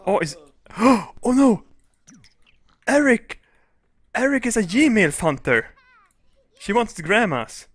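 Excitable crude man doing game commentary. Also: high voice, slow, pauses often, no echo. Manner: excitable, crude, shrieks and laughs loudly. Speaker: gaming video host. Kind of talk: let's play commentary.

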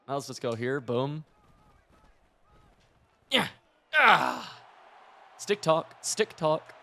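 Excitable young man narrating gameplay. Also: fairly high pitch, very slow, vocal fry. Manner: excitable, chatty, swears and laughs often. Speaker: gaming streamer. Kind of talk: live gameplay commentary.

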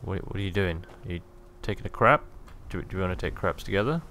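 A man's voice: low-pitched, animated, fast, sharp tone, a little hiss or hum. A young man giving casual, jokey, rambling commentary while playing a video game. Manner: jokey, rambling, self-amused. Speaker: gaming video host.

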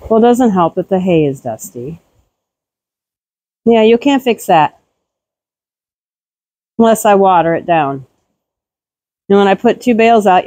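A woman talking casually while doing farm chores outdoors around a barn, cooing at her animals in a high baby-talk voice. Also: warm tone, no room sound, poor audio. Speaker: homesteader vlogger. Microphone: handheld camera.

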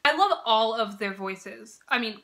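A woman hosting a reaction video, gushing and swearing with bursts of loud exclamations. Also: a little high, lively intonation, measured pace. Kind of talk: excited reaction commentary. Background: music video playing.

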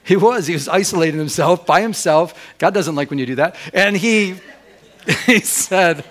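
A man preaching a sermon as pastor, putting questions to the congregation and moving between loud and hushed delivery. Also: high voice, moderate pace. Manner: asks the congregation rhetorical questions. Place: church during a Sunday service.

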